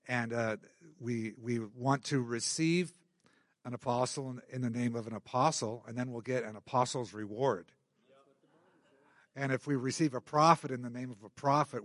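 A pastor welcoming the church and introducing the guest speakers, talking with many pauses and restarts. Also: male voice, medium pitch, dry recording, studio quality. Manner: halting, many fillers and restarts.

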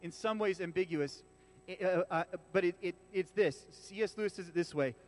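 High-voiced pastor preaching casually. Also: male voice, moderate pace. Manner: casual and animated, with frequent restarts and asides to the congregation. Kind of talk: conversational sermon. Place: church.

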